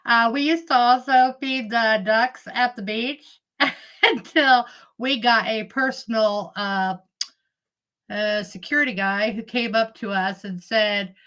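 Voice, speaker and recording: A middle-aged woman talks on a casual live stream, her voice sitting a little high. She rambles through family anecdotes, laughing often and breaking off to greet viewers by name. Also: takes it slowly, a bit bright, poor audio.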